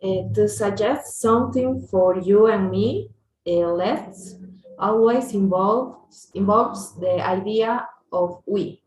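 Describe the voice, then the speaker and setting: A woman's voice: mid-range voice, slow, a little mellow. A woman learning English in an online lesson, reading aloud hesitantly with many fillers over a video call. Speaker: English student. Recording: echoey, far from the mic.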